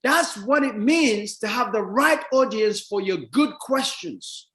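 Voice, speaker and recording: A man delivers a motivational talk in a high, lively voice that climbs toward near-shouts. He sounds set back from the microphone in a roomy, echoing space. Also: slow. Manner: emphatic, rising to near-shouts. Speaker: motivational speaker. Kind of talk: storytelling talk to an audience.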